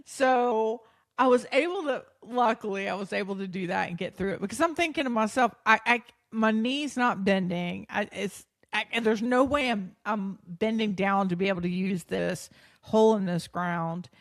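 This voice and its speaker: A woman hosting a podcast, telling a personal story in an animated, self-deprecating way, often laughing mid-sentence and acting out past thoughts. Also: medium pitch, moderate pace, dry recording, clean studio sound. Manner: acts out her own past thoughts and others' speech; frequent restarts and fillers. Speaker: podcast host.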